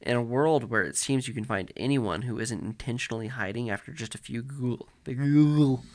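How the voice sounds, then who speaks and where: A man's voice: medium pitch, brisk, a little hiss or hum. A man co-hosting a comedy podcast, reading erotic fiction aloud, often stumbling over words and breaking into laughter. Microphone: studio mic with headphones.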